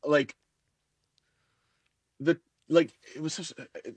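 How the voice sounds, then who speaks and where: A male guest with a slightly high voice who rambles through his stories, filling gaps with fillers. He laughs at himself now and then. The recording is close and dry. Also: fairly even intonation, slow pace, no echo. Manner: rambling, many fillers, self-deprecating laughs. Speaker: guest writer. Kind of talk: interview.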